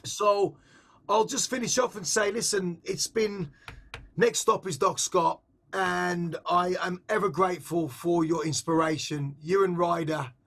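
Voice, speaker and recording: High-voiced rambling man from England. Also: fairly even intonation, a little slow, a bit bright. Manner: rambling, restarts and repeats words, intense. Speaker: interviewed artist. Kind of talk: reflective casual conversation.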